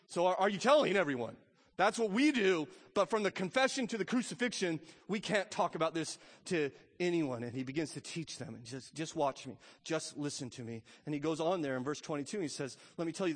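A pastor preaching a sermon, emphatic, swelling loud and then dropping to a hush. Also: male voice, high-pitched. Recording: long reverb of a church hall.

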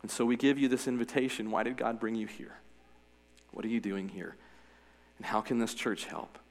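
A man's voice: medium pitch, fairly even intonation, moderate pace, creaky, long reverb tail. A man preaching as a pastor, earnest, telling a story and then giving an invitation. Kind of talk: sermon.

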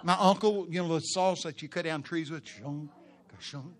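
A middle-aged man, preaching in a folksy, laughing storytelling manner that breaks into loud shouts. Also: on the high side, steady tone, a little fast. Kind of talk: sermon storytelling.

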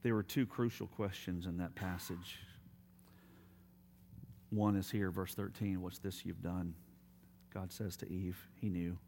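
A man preaching a sermon as pastor, telling stories and dropping to quiet, emphatic appeals. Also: deep voice, fairly even intonation, unhurried, pauses often, slight background noise.

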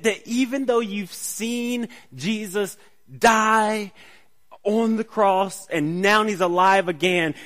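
A man with a slightly high voice delivers a sermon in a relaxed, conversational manner. He keeps checking in with his listeners by asking "right?", restarts his phrases, and moves between quiet reflection and emphatic points. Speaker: preacher.

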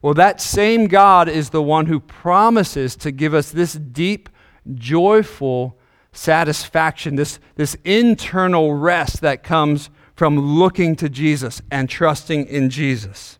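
A man's voice: a little high, slow, clean tone, long reverb tail. A male pastor preaching a sermon, asking the congregation questions, a little out of breath. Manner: engaging, asks the congregation questions.

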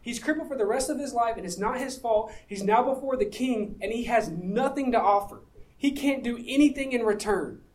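A man's voice: very high voice, moderate pace, a little mellow, poor audio. A man preaching a sermon, reading scripture and explaining it in a conversational way, asking the audience rhetorical questions. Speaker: pastor.

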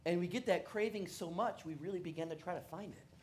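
A man with a high voice and brisk pace preaches amid slight background noise. As a pastor giving a sermon, he prays and tells personal stories, animatedly performing the voices of the people he quotes.

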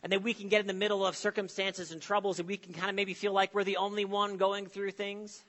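A man preaching a sermon with emphatic phrasing, dramatic pauses and sudden drops to a soft voice. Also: high voice, level tone, long reverb tail. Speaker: pastor.

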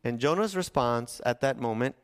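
A man's voice: mid-range voice, expressive, normal speed, noisy background. A middle-aged man, a pastor, preaching a sermon in a conversational storytelling way with acted-out quotes.

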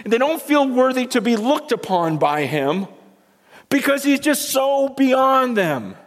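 A man's voice: very high voice, big pitch swings, slow. Emphatic preacher man in a reverberant hall. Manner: emphatic, swings between loud and hushed, repeats words. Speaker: pastor. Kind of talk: sermon. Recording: long reverb from a large hall.

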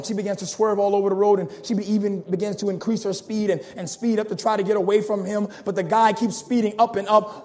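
A male preacher telling a dramatic sermon story, acting out its characters and rising to shouted appeals. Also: sits high.

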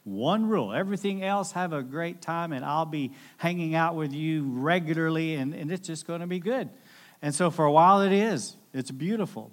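A man delivers a sermon in an easygoing, conversational way. His voice sits a bit high for a man, and he acts out what people said with lively emphasis. He drops in jokey asides as he goes. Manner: animated, acts out quoted voices. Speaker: pastor.

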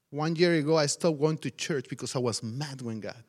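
A man, a pastor and missionary, telling a testimony story in animated, non-native English, laughing often along the way. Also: a little high, brisk.

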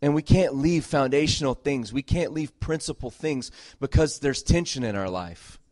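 A middle-aged man preaching a sermon as a pastor, earnest and emphatic, repeating phrases and moving between loud exhortation and soft, tender talk. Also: mid-range voice, expressive, moderate pace, no echo, clean studio sound.

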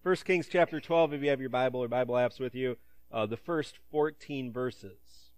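A man's voice: mid-range voice, normal speed, no echo. A man preaching a sermon and reading scripture, conversational with joking asides, acting out the voices he quotes. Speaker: pastor.

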